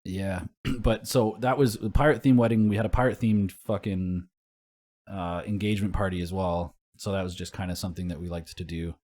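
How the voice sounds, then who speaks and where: A man's voice: sits low, fairly even intonation, brisk, darkish tone. A young man co-hosting a casual podcast, telling rambling stories full of swearing and laughter. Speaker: podcast co-host.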